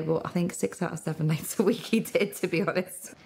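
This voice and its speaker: A woman's voice: on the low side, a little fast, mellow. A young woman expecting twins, talking candidly in a documentary interview.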